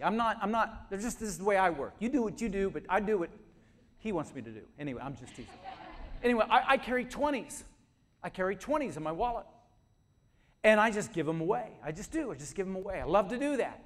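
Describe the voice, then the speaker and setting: A man preaching a sermon, telling stories and building to shouted calls to advance. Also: high voice. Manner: storytelling, building to shouted exhortation. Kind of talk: sermon with storytelling.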